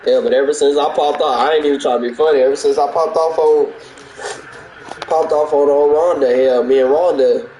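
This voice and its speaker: A man's voice: on the high side, fairly even intonation, fairly quick, mellow, a little hiss or hum. Rambling, profane man in an echoey room. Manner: profane, rambling storyteller with many restarts. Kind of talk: casual chat.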